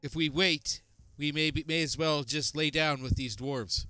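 Male player, slightly high pitch, hesitant questioner. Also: steady tone, measured pace, sharp tone, clear, resonant tone, no echo, soft background music. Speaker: tabletop game player.

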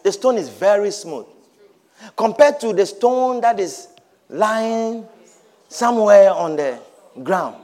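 A man's voice: sits high, animated, slow pace, long pauses, a little mellow. A man pastor preaching a sermon in a church, emphatic and repetitive, calling out to his congregation.

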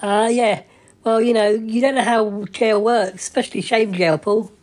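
Brief: teasing male friend, squeaky and breezy, put on by a man in a falsetto. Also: fairly even intonation, moderate pace, lightly acted.

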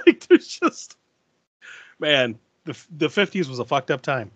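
Laughing, animated podcast man. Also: a little high, measured pace, husky, dry recording, dull audio. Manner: laughs often, lively storytelling with restarts. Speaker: podcast co-host recapping a film. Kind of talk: casual chat.

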